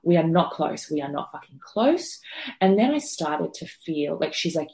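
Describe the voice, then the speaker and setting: Low, gravelly woman telling her story. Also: expressive, moderate pace, darkish tone. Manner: raw, emotional, swears freely; rambling with many fillers and restarts. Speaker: podcast guest telling her birth story. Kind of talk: candid personal storytelling.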